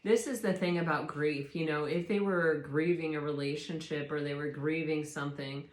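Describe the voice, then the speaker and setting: A woman's voice: low voice, steady tone, moderate pace. A woman doing a casual spoken tarot reading, reflective and rambling, often restarting her sentences. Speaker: tarot reader. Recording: roomy echo.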